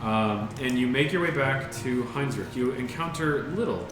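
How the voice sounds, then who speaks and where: A man's voice: medium pitch, expressive, normal speed. A man narrating a tabletop game as game master, describing scenes with frequent fillers. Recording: roomy echo with music behind.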